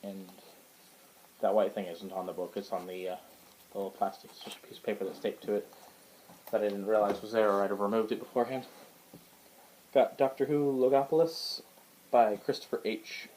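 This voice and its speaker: A man with a fairly low voice talks through his new books in a loose, rambling show-and-tell. He hesitates often, restarts his sentences and fills the gaps with ums. A faint hum of the room sits behind him. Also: steady tone, fairly quick, pauses often, darkish tone, low-quality recording. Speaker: book collector showing his collection. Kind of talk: casual show-and-tell vlog. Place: indoors at home.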